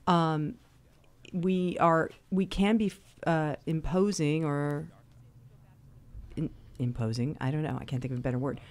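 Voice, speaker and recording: Female host, forties, slightly low voice, chatty and personal. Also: fairly even intonation, measured pace, a little mellow. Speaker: radio talk show host. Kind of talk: conversational interview.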